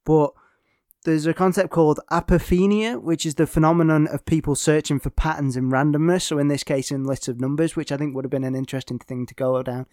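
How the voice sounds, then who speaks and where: Rambling man with a slightly high voice. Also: steady tone, fairly quick, darkish tone, no room sound, studio quality. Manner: rambling, hesitant, many fillers and restarts. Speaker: film reviewer. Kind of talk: casual spoken film review.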